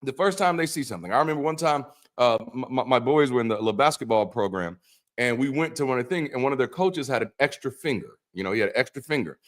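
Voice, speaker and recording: A middle-aged man hosting an irreverent Bible commentary as an ex-pastor, talking in a profane, animated way that swings from mock-preacher solemnity to incredulous outbursts. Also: medium pitch, quick pace. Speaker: ex-pastor host.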